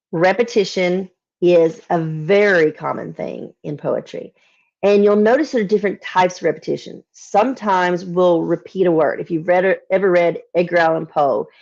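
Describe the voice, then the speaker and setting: A woman's voice: fairly low pitch, a little mellow, dull audio. Southern woman teaching poetry over a call. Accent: Southern American. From Southern United States. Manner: explains patiently, reads verse slowly and deliberately. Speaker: literature teacher. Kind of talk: online poetry lesson. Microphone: video call.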